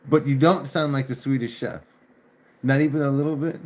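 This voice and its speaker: A man's voice: mid-range voice, steady tone, brisk, a little mellow. A man chatting casually on a livestream, laughing often and cursing mildly. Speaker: livestream host. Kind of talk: casual live chat.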